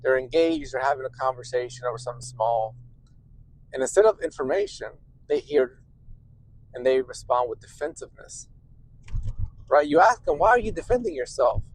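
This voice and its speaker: A middle-aged man, a therapist hosting a show, explaining to listeners in an animated, conversational way, often asking "right?" and acting out quoted voices. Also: medium pitch, moderate pace, long pauses, dry recording, poor audio. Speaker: therapist and podcast host.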